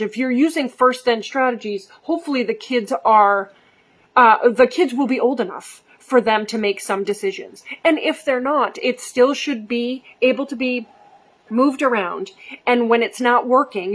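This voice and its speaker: Middle-aged woman, high voice, animated storytelling vlog, acts out voices. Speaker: behavior coach. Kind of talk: casual storytelling to camera.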